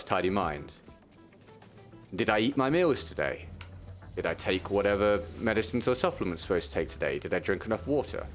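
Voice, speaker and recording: Male streamer, low voice, laid-back supportive chat over faint game music. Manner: supportive, talks to viewers while gaming, frequent restarts. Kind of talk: casual chat while playing.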